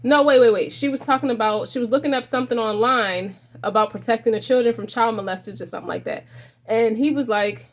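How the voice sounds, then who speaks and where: A woman's voice: fairly high pitch, quick pace. A woman giving a casual tarot reading to the viewer, rambling and restarting her sentences often. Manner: rambling, frequent restarts, addresses viewer directly. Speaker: tarot reader.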